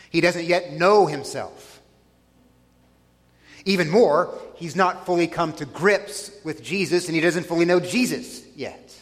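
A man preaching a sermon in a deliberate way, with dry irony. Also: fairly high pitch, fairly bright tone. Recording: long reverb of a large hall.

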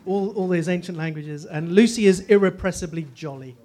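A high, fairly quick man's voice with a dark tone belongs to a guest speaker in his forties. Originally from Northeast England, he has a posh English accent and delivers a humorous personal testimony, sharing his faith story through self-deprecating jokes.

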